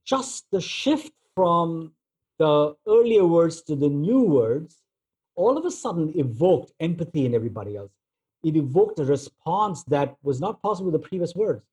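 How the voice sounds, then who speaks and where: A man giving a relaxed storytelling talk, using plenty of filler words as he tells everyday examples. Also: a little high, moderate pace, husky. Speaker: speaker on negotiation.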